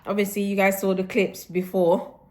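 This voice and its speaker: Give me a woman vlogging casually at home, animated, slipping into patois. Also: medium pitch, normal speed. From Jamaican roots. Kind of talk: casual vlog chat.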